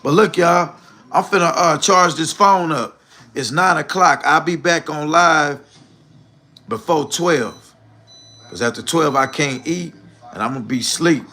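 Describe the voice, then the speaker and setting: Blunt, bright-voiced man ranting live. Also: fairly high pitch, a little slow. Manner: blunt, preachy, addresses viewers directly. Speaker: livestream host. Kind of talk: live commentary rant.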